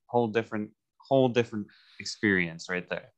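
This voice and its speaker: A man's voice: fairly low pitch, fairly quick, dry recording. A man co-hosting a sports podcast, chiming in with short agreeing remarks. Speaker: podcast co-host. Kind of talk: casual sports podcast chat.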